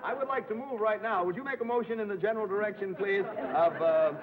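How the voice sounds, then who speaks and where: A man's voice: high voice, a crowd in the background. A man hosting a live radio quiz show, firing off questions and cracking jokes at the contestants. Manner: joking, quick wisecracks. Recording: tinny, hissy 1950s broadcast recording.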